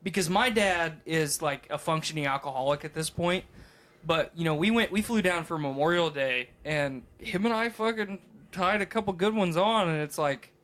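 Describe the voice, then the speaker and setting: A man's voice: fairly high pitch, normal speed, fairly bright tone. A man co-hosting a podcast in casual chat, rambling through stories with heavy swearing. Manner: profane, rambling storytelling. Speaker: podcast co-host.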